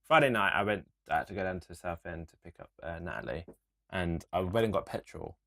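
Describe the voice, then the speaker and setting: A young man, co-hosting a casual podcast and telling stories in an animated, sweary rant. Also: deep voice, fairly quick, creaky. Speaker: podcast co-host. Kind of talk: casual chat.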